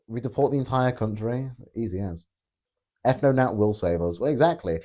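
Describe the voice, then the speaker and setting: A man's voice: medium pitch, normal speed, mellow. A man hosting a casual live stream, answering chat in a blunt, joking way with plenty of swearing. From Britain. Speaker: political streamer reading chat.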